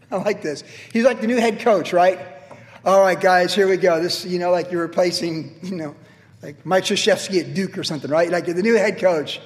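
A male pastor giving a verse-by-verse sermon in a conversational, animated way, often checking in with "right?". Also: sits high, moderate pace. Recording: long hall reverb.

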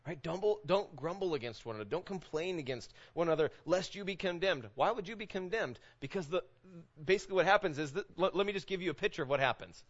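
Delivering a sermon in a church sanctuary, this pastor keeps things loose and chatty, frequently checking in with "right?". He talks fast in a high voice with lively intonation, captured on lo-fi audio.

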